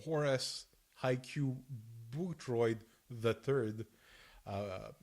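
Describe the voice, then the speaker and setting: A man co-hosting a podcast, reading notes aloud in a halting, restart-filled way. His voice has an ordinary middle pitch. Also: a little mellow. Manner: halting, many restarts, laughs easily. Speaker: podcast co-host. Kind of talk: casual chat.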